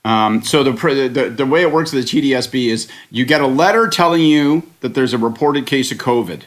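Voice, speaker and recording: A man's voice: medium pitch, brisk. A man on a political panel, chatting casually in a sardonic, rambling way with the odd swear word. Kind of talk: casual chat.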